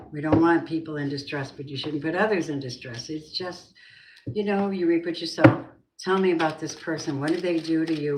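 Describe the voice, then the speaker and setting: A woman's voice: deep voice, background noise. A woman giving a tarot reading, musing and asking the cards and spirit questions aloud. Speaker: tarot reader. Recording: roomy echo.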